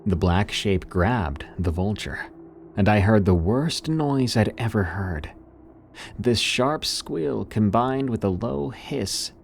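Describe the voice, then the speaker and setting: Man, scripted horror narration, deep voice, expressive lively intonation, suspenseful. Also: slow pace, creaky, slight background noise. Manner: dramatic, suspenseful storytelling.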